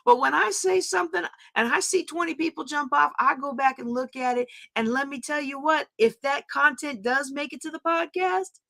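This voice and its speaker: A middle-aged woman, hosting a live stream class, chatty and talking straight to her viewers, her voice going high and screechy when she gets excited. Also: gravelly. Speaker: podcast host teaching a live class.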